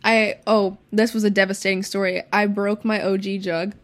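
A teenage girl chatting casually as a podcast co-host, telling stories quickly with lots of swearing and laughter. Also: medium pitch, little pitch movement. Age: teens. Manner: fast, profane storytelling with laughs. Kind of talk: casual chat.

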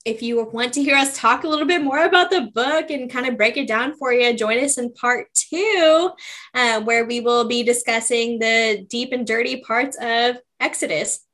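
Young female podcast co-host, high and bright, giggly and emotive casual chat. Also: normal speed. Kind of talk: casual book recap chat.

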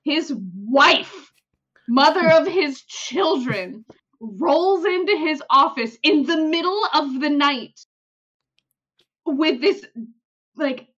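A young woman chatting on a podcast in a fairly high voice, telling a story with lots of energy and acting out everyone's lines. She laughs often. The sound is dull and lo-fi. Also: expressive, slow, long pauses, a bit bright. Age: young adult. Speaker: podcast co-host. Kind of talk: casual chat.

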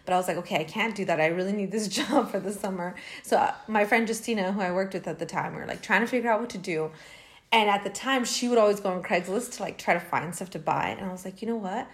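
A woman in her thirties co-hosting a casual podcast, talking at an even middle pitch. She tells her stories in a chatty way and often laughs mid-sentence. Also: fast. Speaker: podcast co-host. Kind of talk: casual chat, storytelling.

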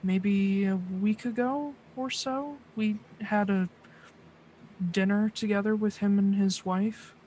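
A game master voicing a wary young woman under questioning, answering in halting, hesitant bursts. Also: medium pitch, fairly even intonation, darkish tone, a little hiss or hum, close to an everyday voice. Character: wary young half-orc-related woman, guarded clerk.

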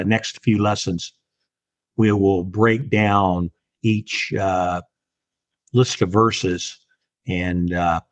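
A man giving a Bible lesson in a slow, deliberate way, with many pauses and fillers. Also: fairly low pitch, dry recording. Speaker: Bible teacher.

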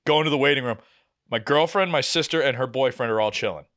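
A young man, telling a story on a podcast in casual, animated style, swearing often and acting out the people he quotes. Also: mid-range voice, quick pace. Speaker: podcast co-host.

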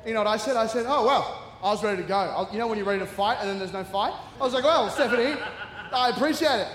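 A man's voice: high-pitched, racing, crowd noise. A middle-aged man preaching a humorous sermon, acting out the voices in his stories. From Australia. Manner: animated storytelling, acting out voices. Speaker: guest preacher. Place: large church hall. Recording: echoey hall, long reverb.

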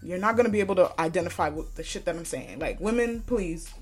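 A young woman hosts a casual solo podcast, speaking fast in a lowish, expressive voice over soft background music. She's blunt and profane, swearing plenty and laughing often.

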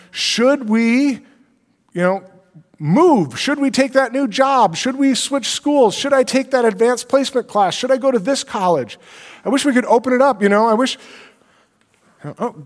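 A man preaching a sermon as pastor, in a conversational, animated way full of rhetorical questions. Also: high voice. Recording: long hall reverb.

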